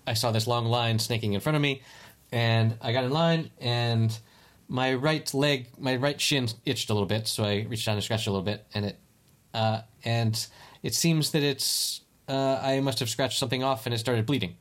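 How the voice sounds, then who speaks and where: A man co-hosting a casual podcast, spinning a rambling travel story. He keeps restarting his sentences. His voice sits at a middling pitch. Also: normal speed. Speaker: podcast co-host. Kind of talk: casual chat. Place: lives in Spain.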